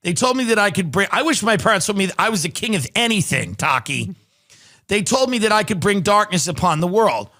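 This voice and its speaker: A man's voice: high-pitched, very animated, a little fast, bright, forceful tone. A man hosting a podcast, reading news articles aloud and riffing on them with sardonic comedic commentary. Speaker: podcast host.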